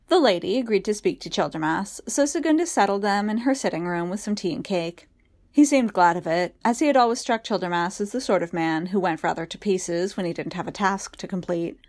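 A woman narrating a work of fiction aloud in a measured, even storytelling manner. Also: mid-range voice.

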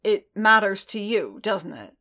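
A woman voicing a gruff, protective male bounty hunter who grumbles and presses gently in a fan fiction audiobook. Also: mid-range voice, very animated, a little slow, heavily acted. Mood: ragged.

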